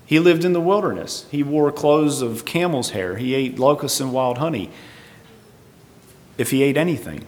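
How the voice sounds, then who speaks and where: A male preacher works through scripture verse by verse, thinking aloud and sometimes admitting uncertainty. His voice sits at an ordinary middle pitch. A long reverb trails each phrase, as in a large hall. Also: animated, normal speed. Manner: thoughtful, tentative, explaining verse by verse. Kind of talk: Bible teaching sermon.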